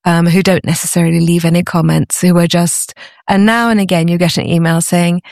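British woman with a gravelly, dry voice. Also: on the low side, steady tone, fairly quick, no echo. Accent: British English. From Britain. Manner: warm, repeats words when starting sentences. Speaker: guest, antiques business owner. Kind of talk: casual podcast interview.

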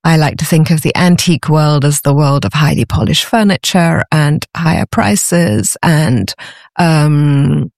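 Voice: mid-range voice, measured pace, vocal fry, no room sound, clean studio sound. A guest speaking enthusiastically in an interview, with many fillers and restarts. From Britain. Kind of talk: conversational interview.

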